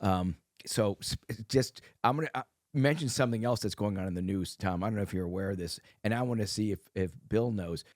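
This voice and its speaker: A man from Wisconsin co-hosting a podcast, talking in a rambling, excitable way and restarting sentences. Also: fairly low pitch, a little fast, no room sound, clean studio sound. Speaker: co-host. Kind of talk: casual podcast chat.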